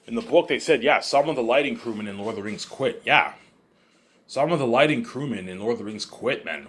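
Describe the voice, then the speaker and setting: A male vlogger talking in a loose, rambling monologue. He rushes along, stumbling and repeating himself with casual profanity. His pitch swings up and down in a lively way. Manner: repetitive, profane, stumbles over words.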